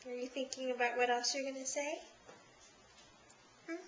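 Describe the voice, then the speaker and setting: A woman's voice: high-pitched, flat delivery, normal speed, highs cut off, slight background noise. A woman talking baby talk to her infant at home, cooing and laughing in a sing-song way, filmed on a handheld camcorder. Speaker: mother filming her baby. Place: home, indoors.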